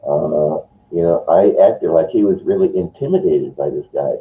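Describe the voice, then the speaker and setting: Older male morning host, low and animated, chatty rambling monologue over a phone-like line. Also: normal speed. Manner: rambling, chatty, playful voices. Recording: tinny phone-like sound.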